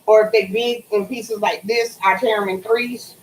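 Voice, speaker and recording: A woman's voice: medium pitch, moderate pace, reverberant, a little hiss or hum, low-quality recording. A woman talking casually and swearing freely while cleaning greens at her kitchen sink for a cooking vlog. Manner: animated, profane, swears freely. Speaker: cooking vlogger.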